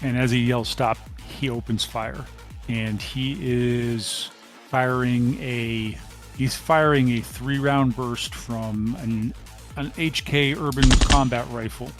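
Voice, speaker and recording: A man running a tabletop role-playing game as game master, describing the action in a steady, measured way with frequent ums. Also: mid-range voice, faint music behind.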